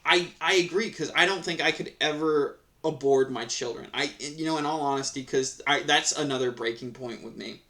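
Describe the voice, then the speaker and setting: A man's voice: on the high side, moderate pace, hardly any pauses, pushed and bright. Profane, fired-up man reacting to stories. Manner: profane, heated ranting; rambling with frequent restarts. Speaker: Reddit story reader and commentator. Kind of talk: casual reaction commentary.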